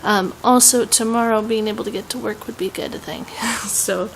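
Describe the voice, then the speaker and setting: A woman's voice: mid-range voice, moderate pace, creaky, slight background noise, poor audio. A young woman with a Southern US accent, chatting casually in a home vlog, rambling with many "um"s and laughs. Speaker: vlogger.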